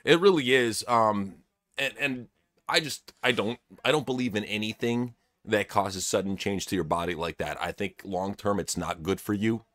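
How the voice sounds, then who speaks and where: A man with a low voice, hosting a casual podcast and giving blunt, opinionated takes full of swearing. The sound is dry and close to the mic. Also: moderate pace, a bit bright, no room sound. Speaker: podcast host.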